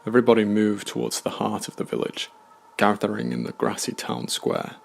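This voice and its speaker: A man narrating a scripted horror story in a measured, somber way. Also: on the low side, big pitch swings, creaky.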